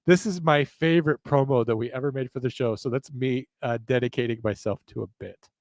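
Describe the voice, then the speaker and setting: A man's voice: mid-range voice, fairly quick, no echo. A man hosting a live chat, rambling and self-mocking, laughing often. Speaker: show host.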